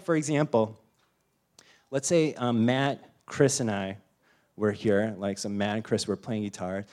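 A young man preaching a sermon in a casual, animated way, full of "you know" and "like", acting out voices as he retells a Bible story. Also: on the high side. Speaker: pastor.

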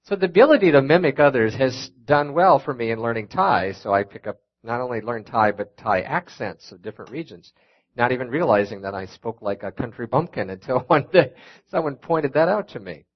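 A man's voice: mid-range voice, lively intonation, a little fast, dull audio. A middle-aged man with a Minnesota accent, speaking as a guest preacher in a church, telling personal stories with folksy, self-deprecating humor. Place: church sanctuary.

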